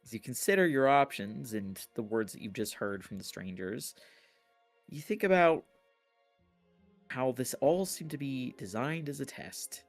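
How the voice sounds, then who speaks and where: A man narrating as game master, unhurried and halting, with many fillers. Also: medium pitch, expressive, no room sound, soft background music.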